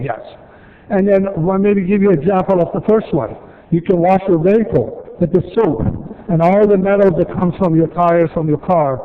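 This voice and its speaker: A man from city staff presenting at a council meeting, explaining rules step by step with repeated points and dry asides. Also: a little high. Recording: tinny, phone-like archive audio.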